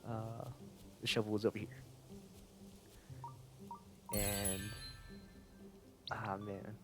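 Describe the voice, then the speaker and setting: A man's voice: fairly low pitch, level tone, drawn-out words, over music. A young man chatting casually while streaming a video game, rambling and often correcting himself mid-sentence. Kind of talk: casual livestream commentary.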